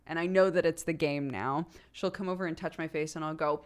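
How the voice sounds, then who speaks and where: A chatty woman streamer in her thirties with a somewhat low-pitched voice. She talks casually and tells anecdotes, laughing often. She acts out the quotes in her stories as she goes. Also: fairly even intonation, brisk. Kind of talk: casual chat on a livestream.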